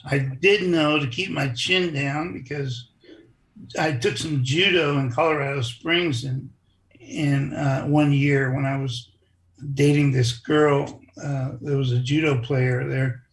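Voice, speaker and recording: A man telling stories in a casual interview, animated and acting out other people's lines. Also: a little high, slow pace. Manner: animated storyteller who acts out quoted voices. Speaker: interview guest, former wrestler.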